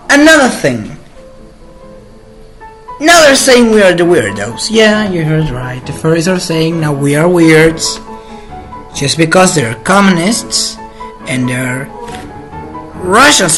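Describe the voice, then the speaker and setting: A man's voice: fairly high pitch, sing-song, slow, long pauses, a bit bright, faint music behind. A man hosting his own channel, delivering an indignant, opinionated monologue that halts and restarts as he goes. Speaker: channel host. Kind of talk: ranting monologue.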